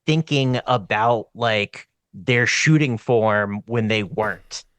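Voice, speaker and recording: A man from the American South in casual chat, telling stories in a relaxed, drawn-out way. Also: lowish voice, clear, resonant tone, no room sound.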